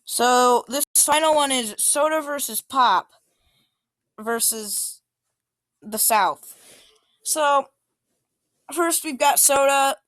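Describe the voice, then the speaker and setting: A woman's voice: high voice, slow pace, a bit bright, dry recording. A woman giving an informal presentation about maps, talking casually with many fillers and small restarts. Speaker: student presenter.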